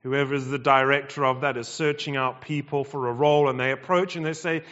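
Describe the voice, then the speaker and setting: A man preaching a sermon, emphatic and measured, repeating phrases and pausing between them. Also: mid-range voice, fairly even intonation, a bit bright. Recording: dull sound with long hall reverb.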